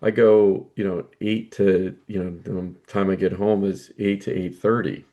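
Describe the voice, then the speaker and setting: A man co-hosts a coaching podcast in a low voice. He chats casually, dropping "you know" and "right" between his points. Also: little pitch movement, measured pace, narrow, tinny audio.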